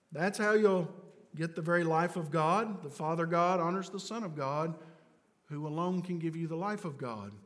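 Guy preaching, slow and emphatic, high voice, big reverb hall. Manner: emphatic, rising to loud declarations. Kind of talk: sermon.

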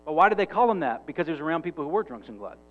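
A man's voice: on the high side, big pitch swings, very fast. Brief: male pastor, emphatic conversational sermon, dull lo-fi recording with faint music underneath.

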